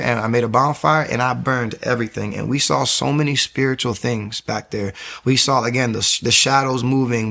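A man telling his personal religious testimony in an animated, conversational way, acting out quotes. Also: vocal fry. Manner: animated, acts out quotes with sudden high pitch jumps. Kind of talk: emotional conversational storytelling.

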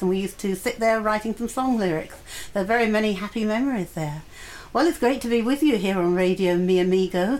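A woman hosts a live radio show in a relaxed, chatty way, often breaking into laughter. Her voice sits at a middle pitch. There is faint noise in the background. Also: poor audio. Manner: chatty, laughs often, reads listener messages. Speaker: radio presenter. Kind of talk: casual live radio chat.

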